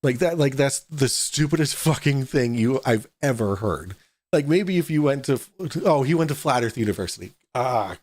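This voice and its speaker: A man's voice: mid-range voice, animated, normal speed, darkish tone, no room sound. A man co-hosting a debate podcast, blunt and mocking, swearing often as he reads chat and jeers. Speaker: podcast co-host. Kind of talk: profane casual debate chat.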